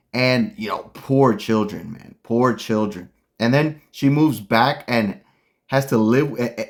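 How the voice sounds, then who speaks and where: A man hosting a casual commentary, ranting bluntly and heatedly with lots of slang. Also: mid-range voice. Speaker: commentary host.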